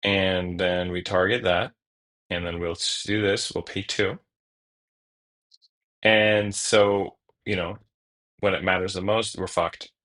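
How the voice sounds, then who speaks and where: A man's voice: low-pitched, flat delivery, takes it slowly, long pauses, fairly bright tone. A young man streaming a card game, thinking aloud in casual, jokey commentary with the odd curse. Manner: thinks aloud, jokey, swears, mutters to himself.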